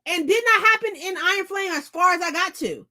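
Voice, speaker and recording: A woman hosting a book vlog, chatting casually to her viewers at home, animated and profane, repeating phrases for emphasis. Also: very high-pitched, a little fast. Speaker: book vlogger host. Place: indoors at home.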